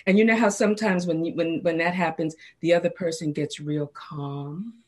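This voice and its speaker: A woman, a cancer survivor and studio guest, telling her personal story with lively, expressive delivery. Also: normal speed. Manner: expressive, acts out quoted dialogue with big pitch swings.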